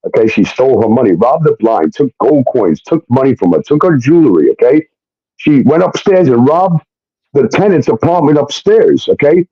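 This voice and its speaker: Man, casual storytelling monologue, animated, keeps saying okay, dull muffled dry recording. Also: medium pitch, dry recording. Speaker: recording artist telling his story.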